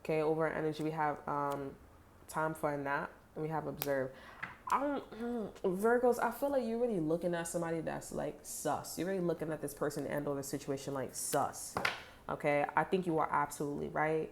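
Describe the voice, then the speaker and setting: Low-voiced, blunt, swearing tarot reader woman. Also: fairly even intonation, brisk, gravelly, a little hiss or hum. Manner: chatty and blunt, heavy swearing, many "like" fillers. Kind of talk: casual tarot reading to viewers.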